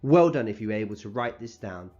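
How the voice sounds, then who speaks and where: Man teaching phonics, slow and clear. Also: fairly low pitch, lively intonation, mellow, muffled recording, soft background music. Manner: slow, clear sounding-out of letters with encouraging praise. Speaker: primary school teacher. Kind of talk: recorded phonics lesson for young children.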